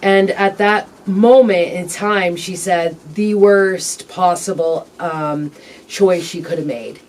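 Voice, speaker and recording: Halting, reflective woman telling her story. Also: fairly low pitch, darkish tone, far from the mic. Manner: halting, reflective, frequent ums. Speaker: interview guest. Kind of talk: candid personal storytelling.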